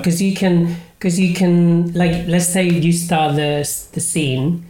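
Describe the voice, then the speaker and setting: A man's voice: fairly high pitch, little pitch movement, slow pace, hardly any pauses, warm tone. Spanish accent guy hosting a podcast, rambles lots with ums and restarts, echoey room. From Spain. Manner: rambling, many fillers and restarts. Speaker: podcast host and improv comedian. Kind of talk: casual podcast chat.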